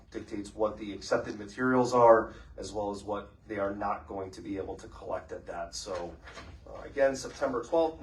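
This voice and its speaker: A man presiding over a city council meeting, calling votes and making announcements in a brisk, businesslike way with casual fillers. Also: fairly low pitch. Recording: echoey chamber from far off, faint noise.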